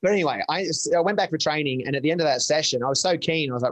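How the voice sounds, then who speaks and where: A man in his forties, a podcast guest telling rambling, animated stories with quick laughs, on a close, dry microphone. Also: fairly high pitch, no room sound. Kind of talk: casual storytelling chat.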